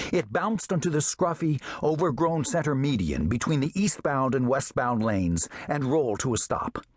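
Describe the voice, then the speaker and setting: A man narrating a children's audiobook in an expressive storytelling manner. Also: mid-range voice, slightly rough, dry recording, studio quality.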